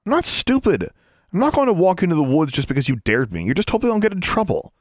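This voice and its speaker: A man reading a storybook aloud, voicing a defiant, sarcastic young witch girl in a raised pitch. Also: very animated, fast talker, no room sound, studio quality.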